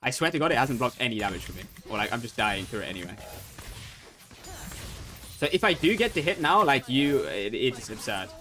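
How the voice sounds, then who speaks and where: A young man giving casual, profanity-laced commentary on his own ranked game. He switches between chatting and play-by-play and breaks into excited outbursts. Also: fairly quick, pauses often. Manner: swears freely, jumps between chat and play-by-play; bursts into excited high outbursts. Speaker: gamer streaming ranked play.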